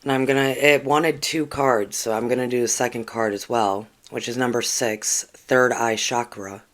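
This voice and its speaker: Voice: mid-range voice, fairly even intonation, normal speed, fairly bright tone. A spiritual channel host on a casual livestream, reading oracle cards and chatting earnestly to viewers, with lots of ums and restarts. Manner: rambling, with frequent ums and restarts.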